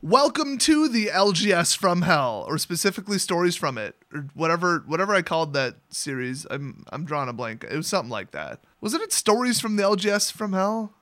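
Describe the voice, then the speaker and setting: A young man spins a casual story with sarcastic, exasperated energy. His voice sits high for a man and has a bright, sharp ring to it. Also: big pitch swings, a little fast, hardly any pauses. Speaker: card game content creator.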